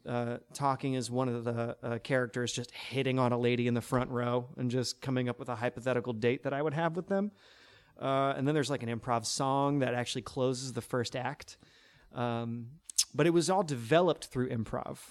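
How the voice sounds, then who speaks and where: A man with a tenor voice, a stage performer chatting in an interview, with many fillers and restarts. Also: medium pitch. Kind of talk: casual interview talk.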